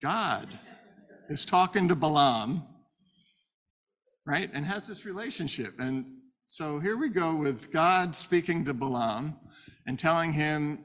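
A man's voice: a little high, unhurried, fairly bright tone. A man teaching a Torah story in a conversational way, asking rhetorical questions as he retells it. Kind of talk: storytelling Bible lesson.

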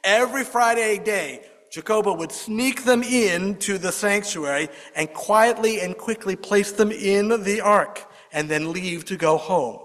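A man telling a folk tale aloud, expressive, lifting his voice for the characters' lines. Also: sits high, unhurried, few pauses. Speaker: storyteller. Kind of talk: oral storytelling. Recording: long hall reverb.

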